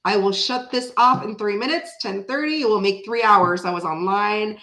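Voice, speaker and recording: A woman's voice: medium pitch, moderate pace, bright, forceful tone. A woman from Canada chatting casually with viewers on a tarot livestream, tired and with a headache, addressing people by name and laughing often.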